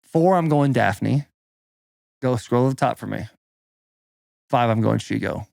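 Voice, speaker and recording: A man's voice: mid-range voice, a little slow, creaky, a little mellow, no echo, studio quality. A man co-hosting a podcast in casual banter, joking and laughing often. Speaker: podcast co-host.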